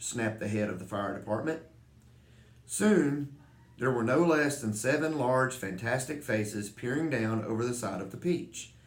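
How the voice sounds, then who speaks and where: A man's voice: fairly low pitch, moderate pace. Man reading a storybook aloud, echoey. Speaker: reader. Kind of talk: reading a children's book aloud. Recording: echoey room.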